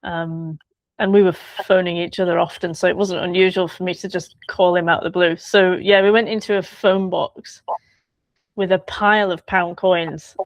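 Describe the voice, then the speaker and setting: A woman author recalling a friend in a relaxed interview, chatty and quick to laugh. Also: on the low side, dry recording. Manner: chatty, laughs often, trails off and restarts. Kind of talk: conversational interview.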